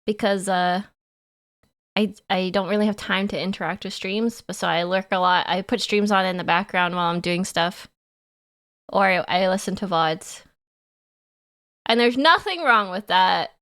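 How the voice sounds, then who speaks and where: A woman's voice: mid-range voice, normal speed, a bit bright. A woman livestreamer chatting casually with her chat in a playful, giggly way.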